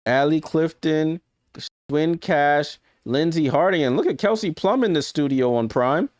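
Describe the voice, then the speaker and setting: A man talks through a live game in a smooth, clean voice, calling plays in a loose, conversational way. His sound is dry and close, with no room around it. He often catches his own slips and fixes them on the fly. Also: fairly high pitch, lively intonation, a little slow, a little mellow, no echo. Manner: chatty, corrects himself often and laughs at his own slips. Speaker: live stream watch-along commentator. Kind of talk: casual live play-by-play commentary.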